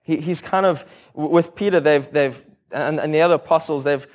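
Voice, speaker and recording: A man's voice: fairly high pitch, moderate pace. A man preaching a sermon in a casual, conversational way, retelling a story with humor and frequent restarts. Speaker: pastor.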